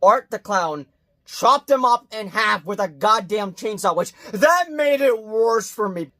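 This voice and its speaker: A man doing a casual movie review vlog, talking bluntly and swearing, swinging between loud outbursts and quiet muttered asides. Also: sits high, animated, normal speed. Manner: blunt and profane.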